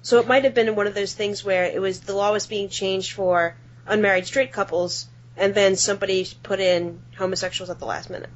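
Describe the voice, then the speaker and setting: A woman's voice: medium pitch, steady tone, fairly quick, few pauses. A woman co-hosting a casual podcast, chatty and teasing, filling her talk with "like" and "honey.". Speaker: podcast co-host. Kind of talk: casual chat. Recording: dull lo-fi podcast audio.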